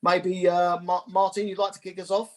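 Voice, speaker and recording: A male host with a fairly high voice wraps up a podcast, speaking in a measured, polite way with small hesitations as he hands over to his guests. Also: flat delivery. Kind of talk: podcast wrap-up.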